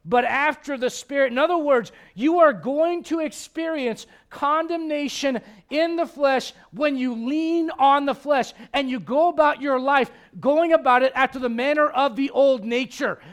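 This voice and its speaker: High-voiced man preaching a lively sermon. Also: a little slow, few pauses. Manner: animated, joking asides to the congregation. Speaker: pastor.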